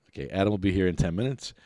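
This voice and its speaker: A middle-aged man, hosting a podcast and ranting in a mocking, animated way. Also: sits low, no room sound, studio quality. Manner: animated, mocking, laughs often. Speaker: podcast host.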